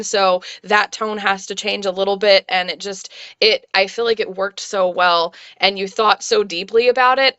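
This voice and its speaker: An author hosts the chat, a woman whose bright, crisp voice comes across a little dull and lo-fi. She talks eagerly and appreciatively, her thoughts running on from one to the next. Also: medium pitch. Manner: enthusiastic, appreciative, rambling. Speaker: author and interviewer. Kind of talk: casual interview chat.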